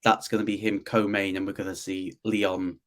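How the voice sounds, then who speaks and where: A British man as a guest on a podcast, talking in a relaxed, conversational way. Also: deep voice, moderate pace. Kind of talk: casual podcast chat.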